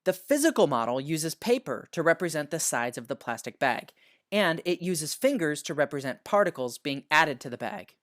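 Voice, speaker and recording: A science teacher reads a scripted lesson aloud with a lively, rising and falling voice. The delivery is patient and explanatory, easing off the pace to lean on each key word. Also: mid-range voice. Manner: patient, explanatory, slows down to stress key words.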